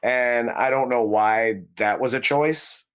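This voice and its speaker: A man's voice: mid-range voice, slow pace, a bit bright, smooth. Dude co-hosting a movie podcast, talks like he's the action hero, lots of stops and restarts. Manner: rambling, speaks in character as the film's hero in first person. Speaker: movie review podcast co-host. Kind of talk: casual chat.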